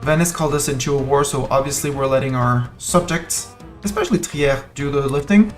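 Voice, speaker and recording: A man's voice: medium pitch, fairly quick, faint music behind. A man giving casual live commentary on a strategy game he is streaming, thinking aloud and playfully talking to the nations on his map.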